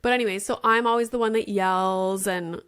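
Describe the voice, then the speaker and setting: A woman's voice: mid-range voice, steady tone, normal speed, a bit bright, smooth. Chatty woman podcast host telling a story. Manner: chatty, many "like" fillers, swears casually. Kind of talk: casual storytelling monologue.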